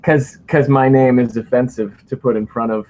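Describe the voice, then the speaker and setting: A man's voice: medium pitch, fairly even intonation, normal speed, a little mellow. A man co-hosting a casual livestream, rambling and joking as he reads viewer questions. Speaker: livestream co-host.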